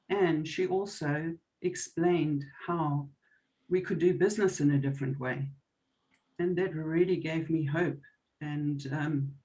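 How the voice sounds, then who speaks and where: A woman from South Africa giving a sincere, slightly halting personal testimony on a video call. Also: low voice, a little mellow, far from the mic, rough recording.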